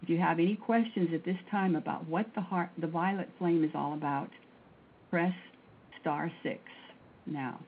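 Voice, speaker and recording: A woman leading a guided breathing and mantra prayer session in a slow, measured way, counting aloud. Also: lowish voice, steady tone. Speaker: prayer and meditation leader. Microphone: phone line. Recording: tinny phone line with faint noise.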